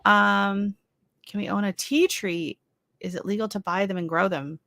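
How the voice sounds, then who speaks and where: Reading through comments on her livestream, a middle-aged woman from Canada rambles casually, with plenty of fillers and restarts. Her voice is medium-pitched, creaky and fairly bright, with fairly even intonation and a normal speed, captured in a dry recording.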